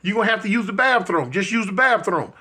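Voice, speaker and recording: A man briefly voicing a calm female nurse who soothes a worried patient. She talks in a plain, matter-of-fact way, in a high and bright voice. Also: fast talker, breathy edge, exaggerated voice. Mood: reassuring.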